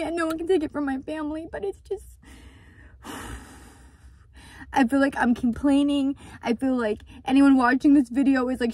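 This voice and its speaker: Outdoors, a woman records an emotional confessional vlog about running a small business, earnest and vulnerable, repeating words for emphasis. Her voice is high with a darkish tone, at a moderate pace, with no echo.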